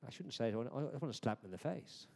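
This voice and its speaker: A man's voice: medium pitch, animated, rapid-fire, vocal fry. Preaching man in an echoing hall. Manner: conversational, swings from hushed to emphatic. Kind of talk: sermon. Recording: long hall reverb.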